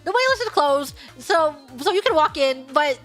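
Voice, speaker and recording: A woman putting on a female AI phone assistant, polite and scripted and endlessly repeating the same lines. The voice is high and bright and rattles off customer-service phrases at a brisk clip. Faint music plays underneath. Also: animated. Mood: polite, robotic. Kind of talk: acted quote within a streamed story.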